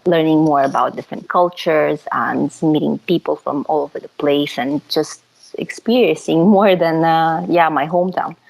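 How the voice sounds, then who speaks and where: A young woman from Romania, a photographer talking as a guest in a relaxed, chatty way, with fillers and easy laughs. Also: low-pitched, normal speed, gravelly, low-quality recording. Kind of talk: casual interview chat.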